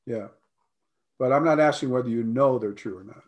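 An American man, a life coach, talking earnestly in a conversation, often clearing his throat and repeating his points. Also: mid-range voice, a little fast, a little mellow.

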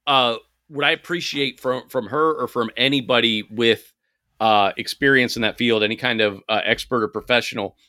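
Casual podcast host, male, bright dry voice, profane ranting delivery. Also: mid-range voice, fairly even intonation, moderate pace, dry recording. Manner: profane, ranting, mocking impressions. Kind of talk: casual chat.

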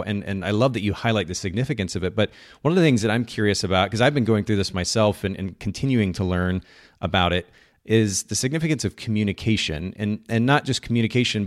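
Male podcast host, quick and eager delivery, dry close-mic sound. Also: fairly low pitch, dry recording. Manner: enthusiastic, warmly encouraging, laughs often. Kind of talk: podcast interview.

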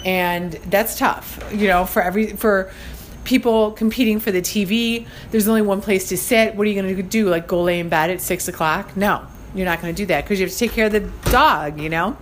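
A woman's voice: medium pitch, brisk, slight background noise. Rambling, chatty woman podcast host. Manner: rambling, chatty, often laughing. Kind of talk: casual solo podcast chat. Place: her studio.

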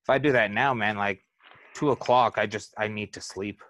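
A man in casual chat, speaking in a relaxed, colloquial and self-mocking way. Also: fairly low pitch, normal speed, no echo.

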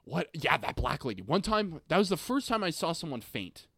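A man chatting on a podcast, slightly high in pitch and very lively in his intonation. He laughs often and acts out the voices in his stories. The sound is dry and close. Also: normal speed, vocal fry, husky, dry recording. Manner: laughs often, animated storytelling with acted-out quotes. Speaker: podcast co-host. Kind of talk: casual podcast chat.

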